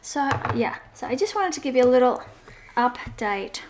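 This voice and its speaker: A woman's voice: high voice, big pitch swings, moderate pace, a little hiss or hum. A woman chatting casually while decorating a journal, meandering through her thoughts with fillers and self-corrections in a sing-song way. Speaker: journaling vlogger. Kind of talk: casual crafting chat.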